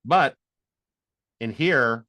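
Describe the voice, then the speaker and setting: A man running a live tutorial, his voice at an ordinary pitch and recorded close and dry. He is excitable and rambling, thinking aloud as he clicks through a demo. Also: very slow, dry recording. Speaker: instructor.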